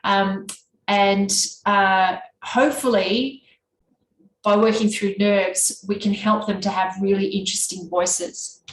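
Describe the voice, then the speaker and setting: A woman's voice: mid-range voice, slow. A woman with a nasal Australian East Coast accent presenting a teacher workshop in an easy conversational way. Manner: can be monotone; conversational, with fillers and restarts. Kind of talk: workshop talk. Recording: echoey room with faint background noise.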